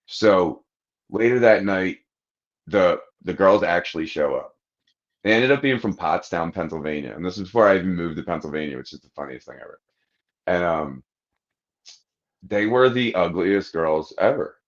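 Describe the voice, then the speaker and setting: A man with a low-pitched voice tells a rambling, crude story in casual podcast chat. He acts out the other people's lines as he goes. The audio is dull and lo-fi. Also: lively intonation, moderate pace. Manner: crude, rambling anecdote with acted-out quotes. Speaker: podcast host.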